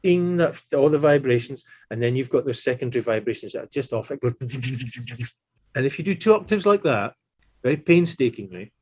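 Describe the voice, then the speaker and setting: A man in his sixties, a tuba player and teacher, telling stories in a relaxed, animated way and acting out the voices he quotes. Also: mid-range voice, husky. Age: 60s. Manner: animated, acts out quoted voices, chuckles often. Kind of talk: relaxed anecdotal storytelling.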